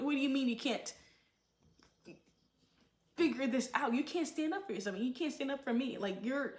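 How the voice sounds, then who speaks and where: A woman giving opinionated casual commentary and acting out quotes with animated emphasis. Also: a little high, roomy sound. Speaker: show commentator.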